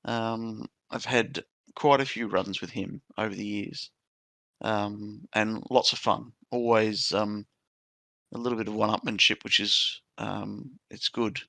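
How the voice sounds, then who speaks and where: An Australian man co-hosting a casual podcast chat, easygoing and pausing with ums. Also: lowish voice, creaky, bright, forceful tone, dry recording. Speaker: podcast co-host.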